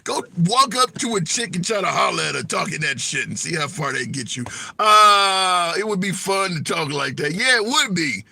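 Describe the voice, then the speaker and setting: Here a livestream host with a high-sitting voice, marked by vocal fry and a husky, pushed brightness, reads comments and fields callers. The chat is casual and opinionated, his manner blunt and colloquial, and he laughs at his own jokes; there's no echo.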